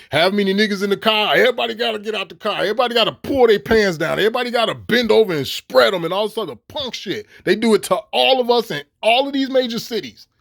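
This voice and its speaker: Middle-aged man with a high, dry voice; cussing, stop-start vlog rant. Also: creaky, no echo. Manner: animated and swearing, with laughs and repeated stammered restarts. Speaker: vlogger. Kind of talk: profane ranting monologue.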